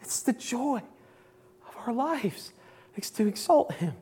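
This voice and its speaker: Before a church congregation, a man delivers an emphatic sermon in a very high, breathy-edged voice with lively intonation, taking his time. He repeats key phrases and swings from loud pronouncements to hushed asides.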